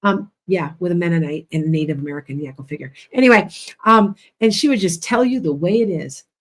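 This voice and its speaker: A woman's voice: lowish voice, fast talker. A woman with a Midwestern Chicago accent, hosting a casual livestream and giving blunt, rambling psychic readings to viewers.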